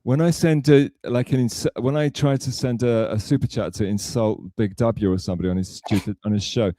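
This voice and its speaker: A man's voice: mid-range voice, fairly even intonation, brisk, dark tone, no echo, clean studio sound. A man hosting a casual live stream chat, chatty and full of fillers, calling people darling. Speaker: streamer host.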